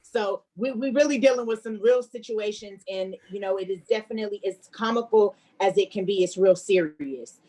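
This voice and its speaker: A woman hosting an online event, earnest and warm as she thanks guests and introduces the next act, speaking over a video call. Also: mid-range voice, moderate pace, few pauses, rough recording. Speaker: event host.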